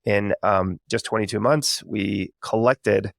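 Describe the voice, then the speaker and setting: Podcast host, thirties, man; low gravelly voice, earnest unscripted storytelling, dry close sound. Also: slow, a bit bright, no room sound. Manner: conversational, many fillers, earnest and reflective. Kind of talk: candid storytelling monologue.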